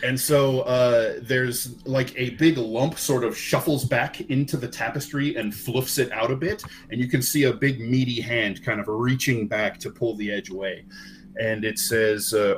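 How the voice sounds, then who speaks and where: A man narrating a tabletop game as game master, unhurried and searching for words with many fillers. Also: mid-range voice, fairly even intonation.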